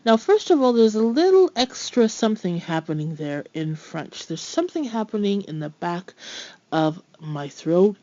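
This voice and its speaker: A woman teaching pronunciation, speaking clearly and slowing down to model each sound. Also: medium pitch, big pitch swings, dark tone, no echo, dull audio. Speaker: French teacher. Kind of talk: scripted pronunciation lesson.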